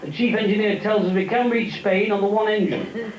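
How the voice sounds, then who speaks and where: A man voicing a calm airline pilot making cabin announcements in a stand-up joke. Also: high voice, a little fast, far from the mic, a little hiss or hum, close to an everyday voice. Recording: echoey live venue.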